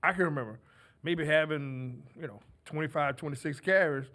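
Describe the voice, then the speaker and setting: A middle-aged former running back chats as a guest in a radio studio. He talks in an easygoing way and keeps nodding along with yeahs, and his voice sits slightly high. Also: moderate pace, sharp tone. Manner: laid-back, agreeable, many yeahs. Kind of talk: casual studio chat.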